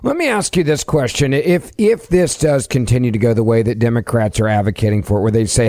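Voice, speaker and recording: Animated man asking pointed questions. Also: mid-range voice, fairly quick, few pauses, no echo, studio quality. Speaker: podcast co-host, interviewer. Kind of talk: political talk show questioning.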